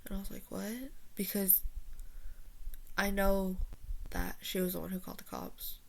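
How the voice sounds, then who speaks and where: A teenage girl ranting casually to her viewers, rambling and profane with lots of filler words, jumping between loud outbursts and quiet muttering. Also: medium pitch, little pitch movement, normal speed, gravelly. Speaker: vlogger. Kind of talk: casual rant to camera.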